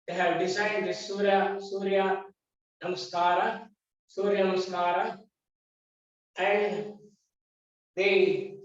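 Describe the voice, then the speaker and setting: A man with an Indian English accent, a yoga teacher lecturing his class in short, repeated, emphatic phrases. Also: high voice. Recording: echoey dull recording from a distance.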